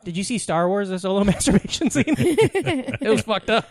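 Lively, crude joking man co-host. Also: high-pitched, normal speed. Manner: crude, teasing, loud bursts of laughter. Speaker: podcast co-host. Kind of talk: casual comedy chat.

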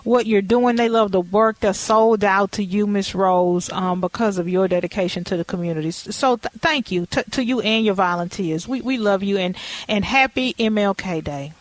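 A woman hosting a talk show, warmly affirming her guest in casual interview chat. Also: mid-range voice, moderate pace, no echo, poor audio. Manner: affirming and lively, with emphatic praise.

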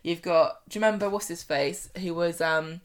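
A woman co-hosting a casual podcast chat, animated and laughing often, often trailing off mid-sentence. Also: lowish voice, moderate pace. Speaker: podcast co-host. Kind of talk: casual chat about a soap.

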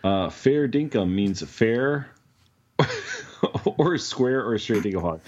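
Low husky-voiced man, laid-back chatter. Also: expressive, slow pace, darkish tone, highs cut off. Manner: laid-back, rambling, swears casually. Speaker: podcast co-host. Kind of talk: casual chat.

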